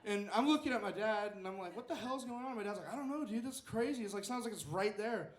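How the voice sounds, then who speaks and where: A man's voice: sits high, animated, fast, echoey room. A young man telling a rambling story at an open mic stand-up set, acting out the quotes. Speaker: stand-up comedian. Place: small club stage.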